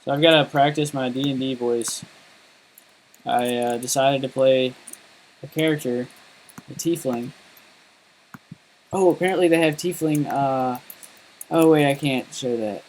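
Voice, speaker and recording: Casual male coding streamer, rambling and self-mocking, mid-pitched voice, faint noise behind. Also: unhurried, pauses often, poor audio. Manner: rambling and self-deprecating, lots of fillers and laughs. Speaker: programmer streaming his coding. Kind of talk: casual live-stream chat while coding.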